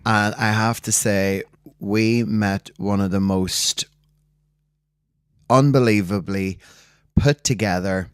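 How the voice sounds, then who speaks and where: A Northern Irish man co-hosting a casual chat podcast, telling lively stories and acting out the voices of people he quotes. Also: lowish voice, slow, pauses often, clean tone, dry recording, clean studio sound. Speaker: podcast co-host.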